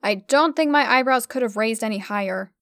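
Female storyteller, fairly high, smooth voice, expressive first-person reading. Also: fairly quick, no echo.

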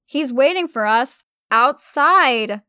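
A woman putting on a shrill, giggly young prankster. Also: expressive, slow pace, sharp tone, smooth, no room sound, studio quality, heavily acted. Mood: teasing.

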